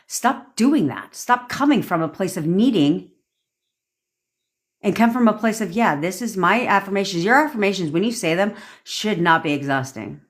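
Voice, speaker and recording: Young woman, livestream rant, blunt, swears a lot, mimics pleading voices. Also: fairly low pitch. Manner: blunt, profane, emphatic; acts out pleading and smug inner voices. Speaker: manifestation coach.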